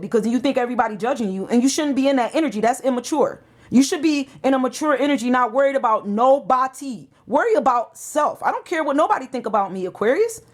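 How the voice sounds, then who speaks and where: A woman gives a tarot reading. She talks in an emotional, preachy way, pressing each point with urgency. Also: sits high. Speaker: tarot reader.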